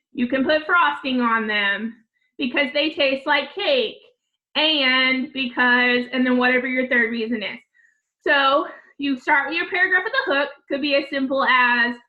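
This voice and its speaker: High-voiced teacher, patient and repetitive. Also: female voice, lo-fi sound. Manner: patient, repeats steps slowly for children. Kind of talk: remote class instructions.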